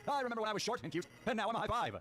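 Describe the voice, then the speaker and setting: Excitable high-voiced young man gaming. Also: racing. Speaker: video game player. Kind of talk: casual let's-play commentary, reading game text aloud. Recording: game music behind the voice.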